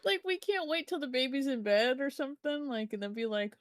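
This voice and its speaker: A woman's voice: high voice, fairly quick, hardly any pauses, no room sound, studio quality. A woman co-hosting a commentary podcast, teasing and wry in casual chat. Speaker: podcast co-host.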